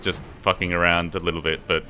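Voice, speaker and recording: Over a noisy background, a young man speaks in a deep, level voice at a brisk clip while streaming a game. It's casual stream chat: he rambles, curses freely, throws in asides to chat, and comes across as tired.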